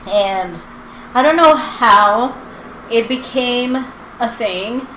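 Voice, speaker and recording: Young woman, 20s, rambling animated storytelling, full of likes, roomy echo. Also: on the high side, drawn-out words. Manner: animated, filler-heavy, acts out quotes with laughter. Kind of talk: casual chat, storytelling. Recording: roomy with background noise.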